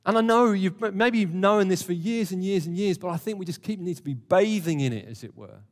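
A man with a high, lively voice preaches at a fairly quick clip, giving a conversational, emphatic sermon full of jokey asides. He's addressing a live congregation in a warm church hall, and the recording carries a long hall reverb.

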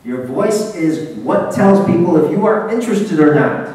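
A man giving a lively business seminar talk, speaking directly to his audience and pushing his voice out. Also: on the high side, moderate pace, hardly any pauses, slight background noise. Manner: animated, projecting, talks straight to the audience. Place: seminar hall. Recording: echoey hall, taped from far off.

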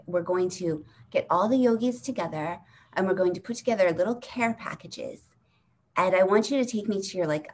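A woman's voice: lowish voice, a little mellow, slight background noise. A woman in her forties doing a chatty, rambling storytelling set over a video call, acting out the people in her story. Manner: rambling, chatty, acts out voices in her stories. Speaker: stand-up comic. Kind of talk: storytelling stand-up set on a live stream.

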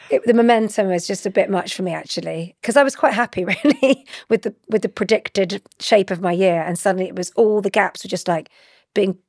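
A chatty woman in her forties with a gravelly, fry-tinged voice. She talks animatedly and laughs easily. She is recorded close on a dry studio mic. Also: mid-range voice, a little mellow, no room sound. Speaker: guest. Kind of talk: conversational interview.

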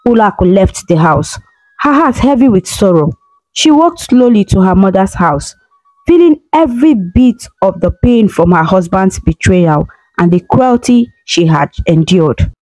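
Woman narrating a folktale, mellow tone. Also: medium pitch, no room sound, poor audio. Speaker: storyteller.

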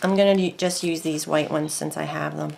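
A woman hosting a casual crafting video, chatting as she works. She is easily excited and thinks aloud between steps. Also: low-pitched, a little fast, vocal fry, a little hiss or hum. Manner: chatty, excitable, talks to herself while working.

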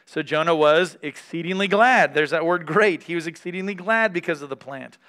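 A man's voice: on the high side, a little fast, a bit bright, clear, resonant tone. A man giving a conversational Bible teaching, reading scripture aloud and stopping to comment candidly. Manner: candid, reads scripture aloud between remarks.

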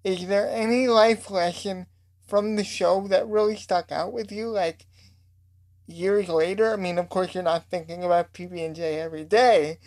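A woman's voice: lowish voice, steady tone, moderate pace, a little mellow. A woman interviewing guests, asking thoughtful questions with many fillers.

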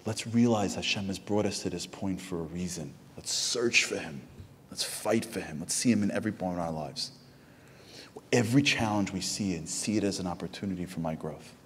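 Low-voiced male preacher, storytelling sermon, reverberant synagogue hall, faint rumble underneath. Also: brisk. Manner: storytelling, builds to loud animated peaks. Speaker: speaker at a Tisha B'Av program. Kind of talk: inspirational sermon.

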